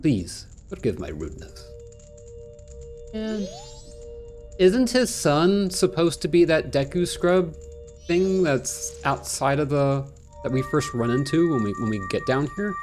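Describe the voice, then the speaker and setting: A man casually commentating his video game playthrough, excitable and jokey, rambling with panicky outbursts. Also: on the high side, measured pace, soft background music. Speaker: gaming channel host. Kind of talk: casual let's-play commentary.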